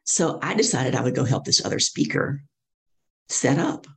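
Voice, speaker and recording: A middle-aged woman, a guest speaker and coach, telling stories lively and acting out the voices of people she quotes. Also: very deep voice, normal speed, vocal fry. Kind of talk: storytelling interview.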